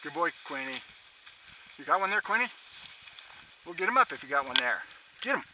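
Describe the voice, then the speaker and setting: A man out hunting with his dogs, shouting short commands to them and talking quietly to his camera. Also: sing-song, brisk, noisy background. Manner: shouts dog commands, then talks low and quietly to the camera. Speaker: hunter filming his dogs. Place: outdoors in snowy rural fields.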